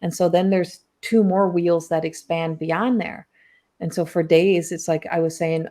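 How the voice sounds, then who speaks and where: Lady hosting a podcast, chatty and animated, says like a lot. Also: on the low side, measured pace. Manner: animated storytelling, heavy use of "like". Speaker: podcast host and spiritual coach. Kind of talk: casual podcast conversation.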